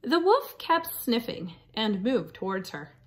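A woman reading a picture book aloud to children in a slow, animated storytelling voice. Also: on the high side, a little hiss or hum. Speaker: storybook reader.

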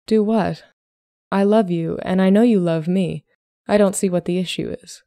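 A woman reading as a plain-spoken young gentleman suitor who talks in a calm, matter-of-fact way. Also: sits high, normal speed, creaky, no echo, studio quality. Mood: steady.

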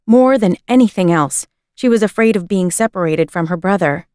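A woman reading a children's book aloud in a measured, expressive storytelling manner. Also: medium pitch, smooth, no echo, clean studio sound. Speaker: reader.

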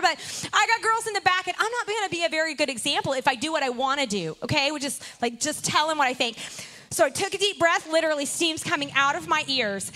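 A woman pastor telling a story from the pulpit with playful, animated energy. Her voice sits very high and swoops widely as she talks. The tone is bright and ringing. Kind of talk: storytelling sermon. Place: church service.

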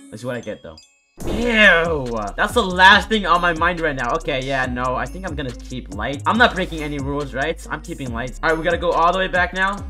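A man giving excitable, chatty gameplay commentary and teasing other players in a playful way. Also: fairly high pitch, fairly quick, faint music behind. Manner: excitable, chatty, playful mock trash talk. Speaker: gaming YouTuber.

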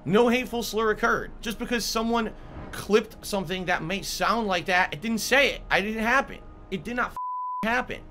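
A man's voice: sits high, normal speed. A male streamer ranting angrily and swearing, full of indignant outbursts. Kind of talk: angry stream rant.

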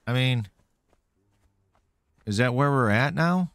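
With a medium-pitched, slightly bright voice and lively intonation, a man gives let's-play commentary at a slow pace. A little caffeinated, he playfully talks to himself and mocks enemies as he goes, with no room sound.

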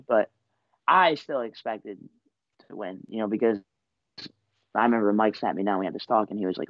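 A man's voice: medium pitch, expressive, moderate pace, long pauses, no echo, highs cut off. A man in his twenties, a college wrestler, telling a story in a loose, rambling way full of "you know" and "like". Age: 20s. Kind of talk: casual storytelling.

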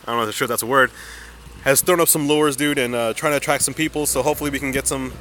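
A man's voice: medium pitch, steady tone, quick pace, a bit bright, slight background noise. A young man live-streaming a mobile game outdoors on a city street, chatting to viewers in a hyped, slangy way and calling everyone dude and man.

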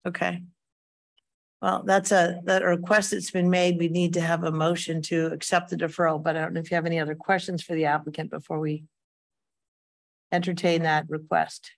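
A woman's voice: lowish voice, creaky. Woman chairing a county meeting. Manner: relaxed, slightly halting procedural talk. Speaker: planning commission chair.

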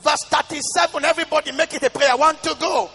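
A male pastor preaching a sermon, reading scripture in a sing-song chant and breaking into shouted declarations. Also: extremely high pitch, steady tone, fast talker. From Nigeria. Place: large church hall. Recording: reverberant church hall with music behind.

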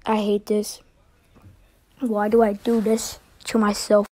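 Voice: medium pitch, monotone, slow pace, warm tone, a little hiss or hum. A reaction video host giving casual commentary, stammering and swearing in exasperation.

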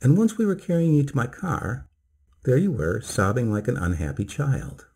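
A man voicing a cheerful middle-aged male country doctor who talks in brisk, teasing, clipped phrases. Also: mid-range voice, huge pitch swings, creaky, dark tone, slightly rough, heavily acted. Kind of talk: storybook reading.

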